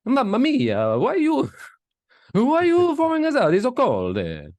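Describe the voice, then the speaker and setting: A pair of whining grown sons begging their mother, as a man puts them on, pitched up into a squeal. The voice is lively and swooping, full of childish pleading in a comedy bit. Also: measured pace, no room sound, exaggerated voice. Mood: whiny pleading.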